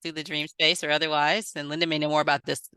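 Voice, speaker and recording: Woman, dream teacher, flowing reflective talk, bright tense tone, dry recording. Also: low voice, flat delivery, fast, smooth, no room sound. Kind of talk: conversational explanation.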